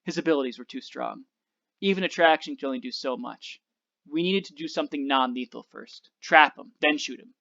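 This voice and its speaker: A man reading aloud plays a stern older male leader. He speaks in a low, curt, commanding way, on a slightly dull recording. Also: brisk, gravelly, sharp tone.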